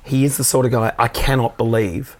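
A man's voice: medium pitch, steady tone, brisk, darkish tone. A man, a pub musician telling dry, swear-laced anecdotes in casual chat. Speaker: pub musician, podcast co-host.

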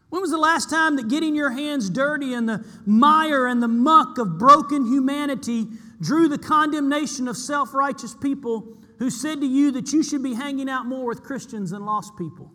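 A man's voice: very high voice, moderate pace, bright, forceful tone, long reverb tail. A man preaching a sermon to his church, earnest and emphatic, repeating key lines for weight.

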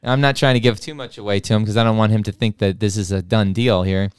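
Smooth-voiced man telling a story. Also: lowish voice, fast talker, no echo, clean studio sound. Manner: relaxed, chuckles through his own story. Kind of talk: casual storytelling.

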